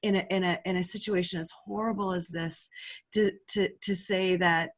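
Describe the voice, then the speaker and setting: A woman's voice: on the low side, steady tone, normal speed, husky. Effusive woman podcast host. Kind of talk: interview conversation.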